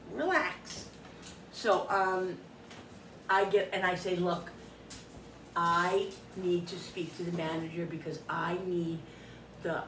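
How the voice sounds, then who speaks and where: A middle-aged woman chats while cooking in her kitchen, retelling a frustrating story in an animated, exasperated way and acting out the other people in it. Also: fairly low pitch. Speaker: cooking vlogger. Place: home kitchen. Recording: echoey room, distant mic, background hum.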